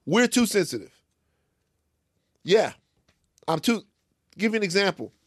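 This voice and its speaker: Guy on a podcast, super animated storyteller, kinda high voice, dry close sound. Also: measured pace, no echo. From Louisiana. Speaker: podcast co-host. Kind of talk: casual comic chat.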